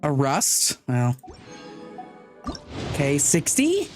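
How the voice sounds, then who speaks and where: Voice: medium pitch, very animated, takes it slowly, pauses often, over music. A chatty streamer thinking aloud over gameplay. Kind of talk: live gameplay commentary.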